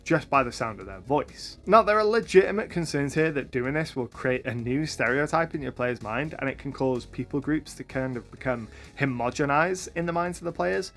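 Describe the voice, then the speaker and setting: A man hosting a tutorial for game masters, talking to camera with upbeat, lively energy. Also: medium pitch, moderate pace, few pauses. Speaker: YouTube host and game master.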